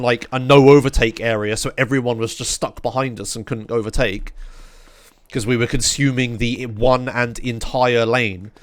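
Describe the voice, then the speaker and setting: A man's voice: medium pitch, fairly bright tone. A young British man, a streamer, telling a rambling story to his chat, swearing freely and full of fillers.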